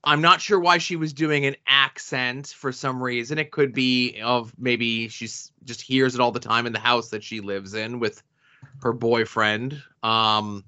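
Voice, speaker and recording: Bright-voiced man, dry joking chat. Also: mid-range voice. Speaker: podcast co-host. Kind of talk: casual chat. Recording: dull lo-fi sound.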